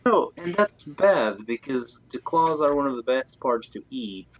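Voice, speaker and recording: A man's voice: medium pitch, expressive, measured pace, lo-fi sound. A man playing a tabletop game, teasing the others with wisecracks. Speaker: player. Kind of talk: casual tabletop game talk.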